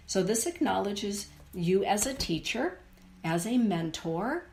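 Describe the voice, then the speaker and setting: A middle-aged woman giving a live oracle card reading to viewers, speaking in a soothing, unhurried way. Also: medium pitch, lively intonation. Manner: slow, soothing, unhurried delivery. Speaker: spiritual card reader.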